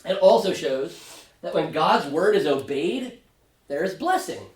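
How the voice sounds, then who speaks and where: Animated pastor teaching in an echoey room. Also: male voice, high-pitched. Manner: animated, acts out biblical characters in quick asides. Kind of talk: Sunday school Bible study teaching. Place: church classroom. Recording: echoey room, mic at a distance.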